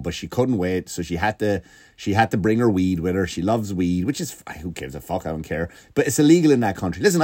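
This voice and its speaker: A man doing a profane comedic rant, jumping up and down in pitch. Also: dry recording, studio quality. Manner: profane, animated, swinging pitch.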